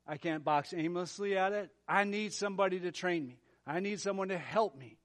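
A man's voice: high-pitched, a little fast. A man, a pastor, preaching a sermon with emphatic, repeated phrases. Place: church gym.

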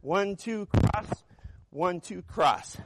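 A man, a fitness trainer, coaching a workout out loud, counting reps and cheering the trainee on. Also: high-pitched, drawn-out words, very noisy. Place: church gym.

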